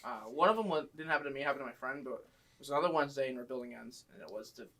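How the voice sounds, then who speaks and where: A man telling funny stories from his old job in casual chat, animated and swearing freely. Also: medium pitch, racing, far from the mic. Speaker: guest storyteller.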